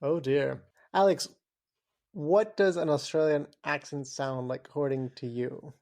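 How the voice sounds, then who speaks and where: Male co-host, unhurried dry banter, gravelly edge. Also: a little high, steady tone, darkish tone. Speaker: podcast co-host. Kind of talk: casual chat.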